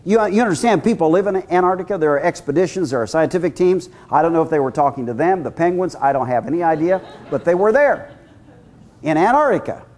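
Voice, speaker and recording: Male preacher, high voice, animated storyteller who acts out voices. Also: fast. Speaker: guest preacher. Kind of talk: sermon.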